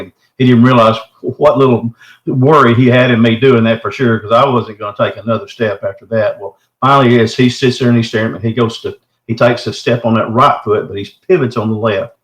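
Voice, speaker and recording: A man's voice: mid-range voice, fairly even intonation, a little fast, echoey room, rough recording. A middle-aged man from the States. He earnestly recounts a personal encounter as a caller, in a folksy way. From Texarkana area, southern United States. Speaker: caller telling his encounter.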